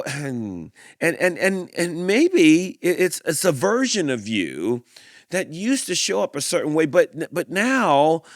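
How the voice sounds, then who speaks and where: Gravelly, halting man reflecting. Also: a little high, no room sound, studio quality. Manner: halting, many restarts and sighs, reflective. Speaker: podcast host. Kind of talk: storybook reading and reflection.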